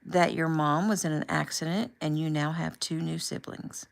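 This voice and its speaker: A woman voicing a young man on deployment, speaking softly and tenderly, with a low, gravelly tone. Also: steady tone, moderate pace. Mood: gentle. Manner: soft, quiet, affectionate.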